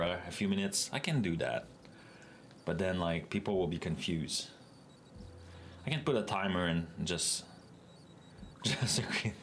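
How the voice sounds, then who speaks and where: A man with a Quebec French accent, a native French speaker, chatting casually with live-stream viewers as a software developer while working through code. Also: low-pitched, a little hiss or hum.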